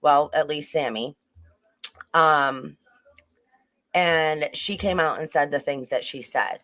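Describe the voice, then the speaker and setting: Livestream host, casual true-crime commentary, rambling, many restarts, chats to viewers, mid pitch. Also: slow pace, a bit bright. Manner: rambling, with frequent restarts and asides to the chat.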